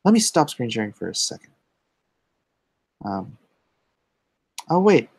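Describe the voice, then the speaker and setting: A man with a gravelly, creaky voice hosts a relaxed livestream, reading chat questions aloud and answering offhandedly. He mutters quiet asides while fiddling with his setup, and the sound is close and dry. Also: mid-range voice, a little slow, dry recording. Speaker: comic artist hosting a livestream.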